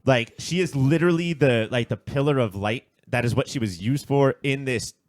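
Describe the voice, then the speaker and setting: A man's voice: mid-range voice, normal speed, no echo, studio quality. A man co-hosting a podcast in casual chat, jokey and swearing casually. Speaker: podcast co-host.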